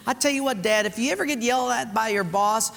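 High-voiced male pastor in a reverberant hall. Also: fast talker, vocal fry. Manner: animated storytelling with vocal sound effects. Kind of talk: sermon. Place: church.

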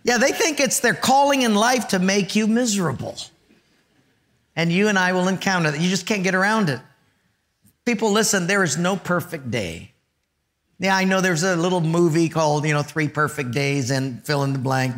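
A man preaching a sermon, joking with the congregation and dropping to a hush for emphasis. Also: high-pitched, moderate pace. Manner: animated, joking, dramatic drops to a hush. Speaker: pastor.

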